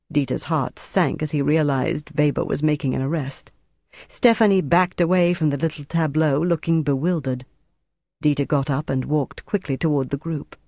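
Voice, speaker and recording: A man narrating a thriller audiobook in a steady, measured way. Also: fairly high pitch, no room sound, clean studio sound.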